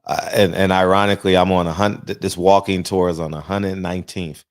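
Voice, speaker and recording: A man with a very low voice hosts a casual chat in a dry room. He speaks haltingly and often stumbles and restarts mid-sentence. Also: flat delivery, no room sound. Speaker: host.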